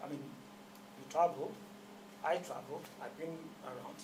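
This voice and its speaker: A man's voice: on the high side, measured pace, noisy background. A man with a Nigerian accent, a guest speaking emphatically and asking rhetorical questions in his office. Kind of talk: conversational interview.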